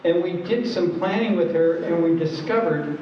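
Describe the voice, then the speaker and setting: A man's voice: fairly high pitch, moderate pace, a little hiss or hum. Wry male trainer, echoey distant hall. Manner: conversational, wry. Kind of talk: storytelling presentation. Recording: echoey hall from far off, dull lo-fi.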